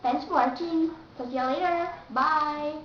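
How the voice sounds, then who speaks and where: A woman giving a slow, careful English pronunciation lesson and repeating the example words. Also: high voice, slight background noise. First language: Vietnamese. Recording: echoey room, distant mic, dull and lo-fi.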